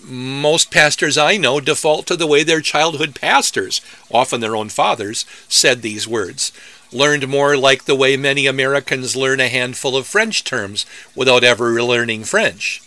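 A man, a pastor, reading a scripture devotion and explaining in a measured, scholarly way how its words are said. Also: mid-range voice, bright, forceful tone, dry recording.

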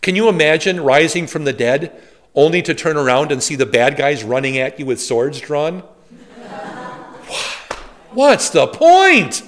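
Animated pastor teaching Bible study. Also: male voice, a little high, moderate pace. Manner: lively storytelling with humorous asides and rhetorical questions.

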